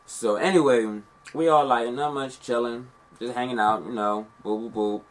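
In a scripted monologue, an actor plays a young man on a phone call, recounting a rambling, profane story about a night of partying, defensive and streetwise. The actor's mid-range voice stays steady at a moderate pace, with only light acting.

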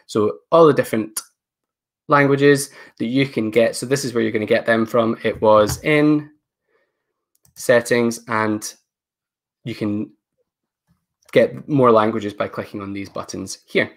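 A man's voice: medium pitch, unhurried, pauses often. A man leading a live online training session, talking casually and thinking aloud as he clicks through settings on a computer mic. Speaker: education technology presenter.

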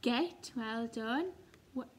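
Slow, high-voiced woman teaching phonics. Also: slight background noise. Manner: slow, sing-song, encouraging, sounding out letters. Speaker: reception class teacher. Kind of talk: recorded phonics lesson for young children.

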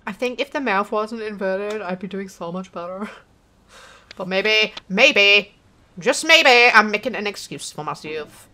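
A young woman giving frustrated gameplay commentary, swearing constantly and swinging between sarcasm and yelling. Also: medium pitch, lively intonation, a little slow, pauses often, slight background noise. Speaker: gaming channel host.

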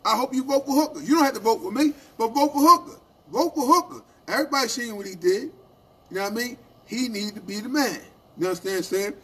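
A man co-hosting a union radio show, telling animated stories in casual talk and asking "right?" after his points. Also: high voice, fast talker, husky. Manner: animated storytelling, acting out quoted exchanges, repeated "right?".

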